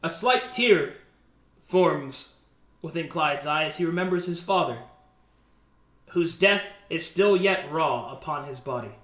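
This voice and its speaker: A man's voice: on the high side, expressive, unhurried, long pauses, fairly bright tone, echoey room. A man narrating as game master for a tabletop game in a casual, chuckling way.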